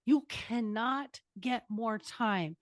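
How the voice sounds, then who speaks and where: A woman's voice: fairly high pitch, takes it slowly, no room sound, studio quality. An older woman hosting a podcast interview, giving earnest, emphatic parenting advice. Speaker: podcast host. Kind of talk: casual interview chat.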